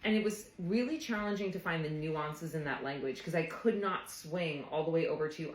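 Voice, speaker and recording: A woman's voice: lowish voice, lively intonation, normal speed, few pauses, echoey room, poor audio. A woman therapist telling a personal story in a casual, earnest, reflective way, often saying "like". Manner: earnest, reflective, frequent "like" fillers.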